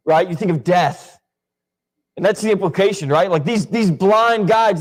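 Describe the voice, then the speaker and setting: A young man leads a Bible class in an easygoing, conversational tone. His voice sits a little high for a man. He keeps turning to his listeners with questions. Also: a little mellow. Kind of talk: casual Bible class teaching.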